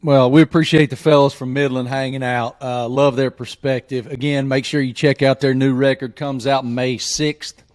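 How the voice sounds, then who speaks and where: A man from southwest Virginia hosting a podcast, telling a hometown story in an animated, joking way. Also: mid-range voice, normal speed, few pauses. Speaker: podcast host. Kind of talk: casual chat.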